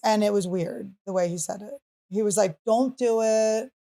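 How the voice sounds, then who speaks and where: A woman's voice: mid-range voice, fairly quick, vocal fry. Chatty woman podcast host. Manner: chatty, animated storytelling with acted-out quotes. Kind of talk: casual chat.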